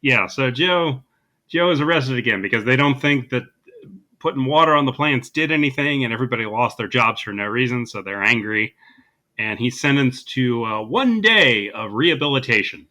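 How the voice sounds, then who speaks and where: A man's voice: mid-range voice, lively intonation, moderate pace, pushed and bright. A man co-hosting a podcast, casually recapping a movie with dry, sarcastic humor. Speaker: podcast co-host.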